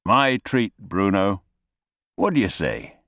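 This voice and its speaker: A man's voice: on the low side, very animated, slow, a bit bright, dry recording, clean studio sound, full character voice. A man voicing a smug rival who taunts and needles the listener. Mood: taunting.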